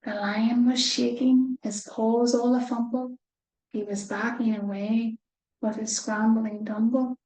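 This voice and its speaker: A woman reads a children's story at a slow, careful pace, in a gentle voice with hushed asides. Her tone is mellow and fairly level, and the room gives a noticeable echo. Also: a little high, little pitch movement. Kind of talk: reading a picture book aloud.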